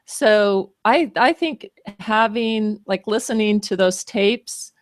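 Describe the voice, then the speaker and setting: A woman's voice: mid-range voice, takes it slowly, no echo, clean studio sound. A woman host in casual interview chat, reflective and asking questions.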